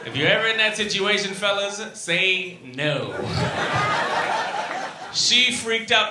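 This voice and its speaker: A man doing a stand-up routine, animated and profane, swinging from shouting to muttering, recorded in an echoey club room with ambience. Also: high voice, slow, long pauses, noisy background. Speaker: stand-up comedian.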